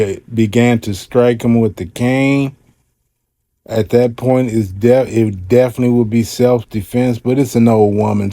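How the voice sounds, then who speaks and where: Guy reading a news story off a page, mellow low-key voice, dry close sound, chats in his own opinions. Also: no room sound. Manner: relaxed, conversational, reads news aloud with asides. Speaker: commentary host.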